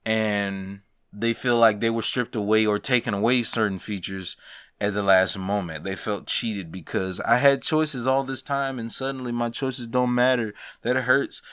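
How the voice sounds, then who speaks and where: A young man hosting a casual podcast, ranting about games with profanity, laughing asides and big animated swings. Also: mid-range voice, clear, resonant tone, dry recording, clean studio sound. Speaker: podcast host. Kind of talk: casual gaming news rant.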